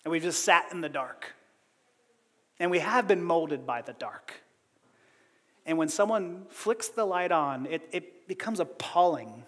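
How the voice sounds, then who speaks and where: A pastor gives a chatty, animated sermon in a church, often slipping a laugh between phrases. His voice sits high for a man. Long reverb from the hall trails after each line. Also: measured pace, long pauses. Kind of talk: conversational sermon.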